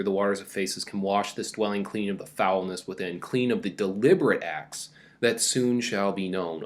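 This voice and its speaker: A man with a lowish voice teaches a casual recorded mini-lecture, speaking loosely with many fillers and reading quoted passages aloud with more energy.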